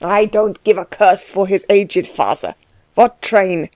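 A woman's voice: medium pitch, slow, darkish tone, no echo, lightly acted. Woman voicing Dellwig, a curt, bullying man. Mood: brusque. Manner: curt, pushy questioning. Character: gruff, overbearing middle-aged man, blunt and menacing.

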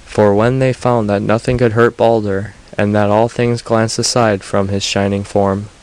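A man reads old myths aloud in an audiobook, his voice sitting low. His telling is steady and even-paced. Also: normal speed, poor audio. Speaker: narrator.

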